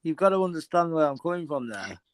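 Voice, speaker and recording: A Scottish man on a livestream call who argues earnestly and haltingly, restarting and asking for agreement. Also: on the high side, very animated, dry recording, studio quality. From Scotland. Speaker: caller on a livestream. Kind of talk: casual argument.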